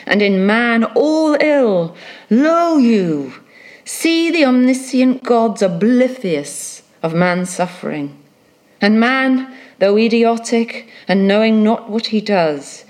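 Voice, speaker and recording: A woman's voice: medium pitch, darkish tone. A woman reading an audiobook, voicing a brooding, fierce old sea captain in a declamatory, commanding way. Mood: solemn.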